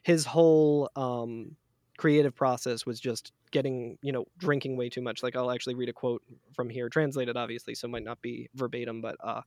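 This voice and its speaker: A man's voice: medium pitch, steady tone, moderate pace, darkish tone, no echo. A man chatting casually as a podcast guest, winding through a long story full of "um" and "like". His voice sits in a middling register and sounds dry and close, with no room around it. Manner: rambling, many fillers and restarts.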